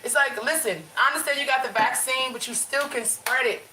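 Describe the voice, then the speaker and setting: A woman's voice: high voice, fairly quick, bright, forceful tone, roomy sound, a little hiss or hum, low-quality recording. Chatty woman vlogging from her bedroom. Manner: chatty, addresses viewers as y'all, lots of restarts. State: runny nose. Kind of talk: casual livestream chat.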